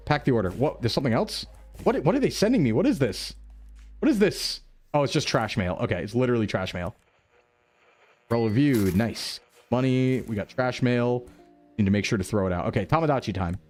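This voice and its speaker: A man streaming a repair simulator, chatting casually and thinking aloud with excitable bursts. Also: mid-range voice. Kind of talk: casual game commentary.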